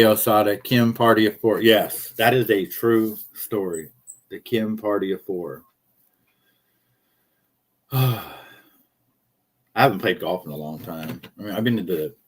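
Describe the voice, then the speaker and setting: Rambling, cussing low-voiced male streamer. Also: husky. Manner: rambling, profane, jokey asides. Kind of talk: casual live-stream commentary.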